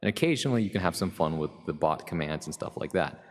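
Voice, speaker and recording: A man's voice: low voice, lively intonation, fast talker. A man hosting his own live stream, chatting casually and rambling through asides as he greets viewers and mods. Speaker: livestream host. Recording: long reverb with music underneath.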